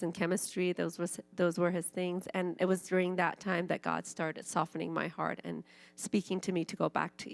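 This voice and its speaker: A woman in her forties, born in Iran with Farsi as her first language, shares her personal testimony at a church. Her voice sits on the low side, and she tells the story in an animated way, acting out the people she quotes. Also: gravelly. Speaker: church speaker.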